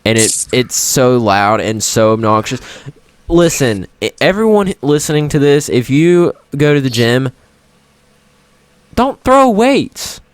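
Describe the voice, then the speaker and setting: Young male co-host, slow-spoken, lively pitch, teasing and earnest. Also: clear, resonant tone, no echo. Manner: teasing, earnest when giving advice. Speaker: podcast co-host. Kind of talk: casual chat.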